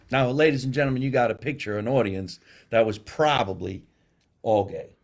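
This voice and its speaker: A man hosting a podcast, swapping comedy stories in animated, casual chat. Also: mid-range voice, moderate pace. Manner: animated storyteller, acts out quotes. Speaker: podcast host.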